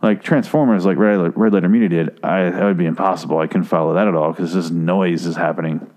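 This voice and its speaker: A man giving a rambling, profane movie review, exasperated and swearing, his voice jumping high when he gets worked up. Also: steady tone, quick pace, a little mellow. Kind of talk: casual profane movie rant.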